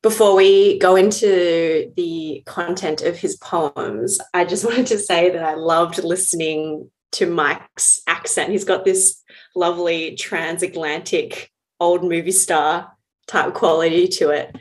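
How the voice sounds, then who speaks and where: Woman cohost, low-ish voice, chatty and thoughtful, lots of "you know". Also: steady tone, takes it slowly. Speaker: podcast co-host. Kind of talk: casual podcast chat.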